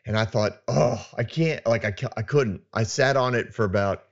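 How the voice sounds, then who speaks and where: A man hosting his own podcast, talking at a studio mic in an animated, emphatic way that turns loud. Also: fairly low pitch, moderate pace, muffled recording. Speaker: podcast host. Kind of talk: solo podcast monologue. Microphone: studio microphone.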